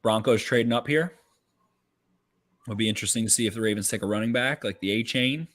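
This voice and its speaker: A man co-hosting a podcast, giving quick, profane football analysis in casual chat. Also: lowish voice, a bit bright. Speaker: podcast co-host. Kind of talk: casual draft-night chat.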